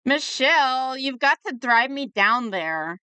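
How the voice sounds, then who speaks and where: A woman reading aloud the lines of an earnest young woman from a webcomic, slow and emphatic. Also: high-pitched, expressive, pushed and bright, clean tone, dry recording, exaggerated voice. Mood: urgent.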